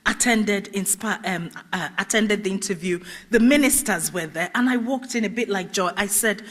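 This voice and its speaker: A middle-aged woman telling her life story as a festival speaker, animated and laughing often as she acts out what people said. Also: medium pitch, moderate pace. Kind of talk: personal storytelling talk. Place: festival stage.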